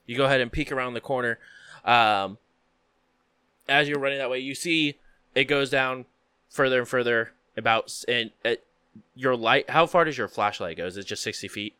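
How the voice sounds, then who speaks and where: A man narrating a tabletop game as game master, describing scenes in a halting way with frequent fillers. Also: medium pitch, bright, forceful tone, smooth, dry recording.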